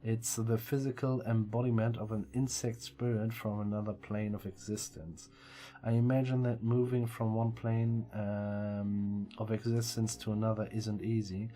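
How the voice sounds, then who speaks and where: Sly male elf mage, read by a man, lecturing, low pitch, mellow tone. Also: level tone, moderate pace, close to an everyday voice.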